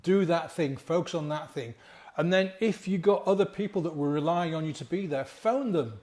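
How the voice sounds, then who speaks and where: A man, a life coach giving a chatty, animated motivational talk to camera and acting out inner voices along the way. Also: a little high, normal speed.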